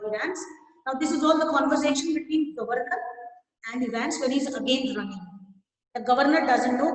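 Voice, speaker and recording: A woman teacher with an Indian English accent, reading a story aloud to her students and explaining it, checking in with a repeated "right?". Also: a little high. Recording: echoey room from far off.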